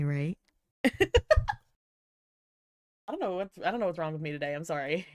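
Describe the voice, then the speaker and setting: A woman's voice: low voice, animated, a little slow, pauses often, a little mellow, no echo, studio quality. A young woman VTuber chatting casually with her viewers, playful and giggly, teasing them and swearing often, a little tired. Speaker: VTuber streamer. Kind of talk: casual livestream chat with viewers.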